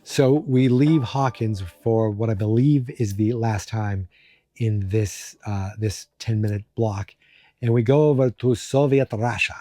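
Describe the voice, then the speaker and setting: A man's voice: fairly low pitch, a little slow, warm tone, dry recording. A man hosting a podcast, recapping an episode in a rambling, joking way with many fillers. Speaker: podcast host.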